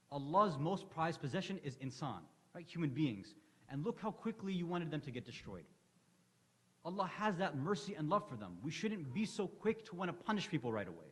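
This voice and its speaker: A man with a fairly high voice gives a religious lecture in a hall with a long reverb. He tells stories in a relaxed, conversational way and acts out the dialogue. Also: brisk. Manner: conversational storytelling, acting out quoted dialogue. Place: hall of an Islamic center.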